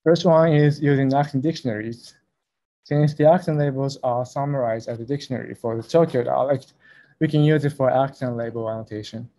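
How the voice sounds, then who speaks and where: A young man walks his listeners through his research at an online conference. His voice is mellow and relaxed, with a careful, slightly hesitant delivery that stays close to the middle of his range, heard through a video call microphone. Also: medium pitch, fairly quick. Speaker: conference presenter. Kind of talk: academic talk over a video call.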